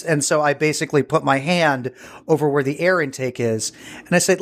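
A man's voice: a little high, a little fast. Man telling a rambling story. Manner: digressive, searching for words mid-sentence. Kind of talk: casual storytelling.

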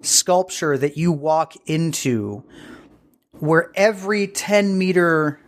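A man's voice: fairly high pitch, slow. Man telling a rambling story. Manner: digressive, searching for words mid-sentence. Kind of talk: casual storytelling.

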